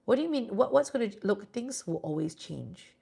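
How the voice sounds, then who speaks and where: Singaporean woman, tarot-reading streamer; chatty and reassuring, gravelly edge. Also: medium pitch, sing-song, brisk, dark tone. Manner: chatty, reassuring, sprinkles "lah". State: sleepy, yawning. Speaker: tarot reader and live streamer. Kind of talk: casual live-stream chat with viewers.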